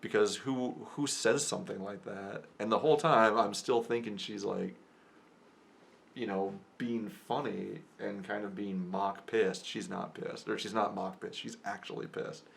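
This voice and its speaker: A man's voice: fairly low pitch, fairly even intonation, measured pace, creaky. A young man rambling through a personal story as a casual vlogger, often chuckling and cutting himself off. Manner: rambling, chuckling, self-interrupting.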